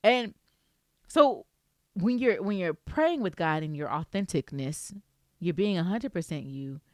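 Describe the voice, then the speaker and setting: Woman doing a chatty faith vlog, playful and lively, kinda lowish voice, super dry sound. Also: a little slow, dry recording. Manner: lively, playful, speaks straight to the viewer with "girl" and "baby". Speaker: Christian faith vlogger. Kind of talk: casual faith talk to the viewer.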